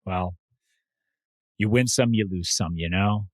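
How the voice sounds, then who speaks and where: Easygoing male podcast host, low voice. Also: takes it slowly, dry recording. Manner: relaxed, agreeable, lots of "yeah". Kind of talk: casual chat.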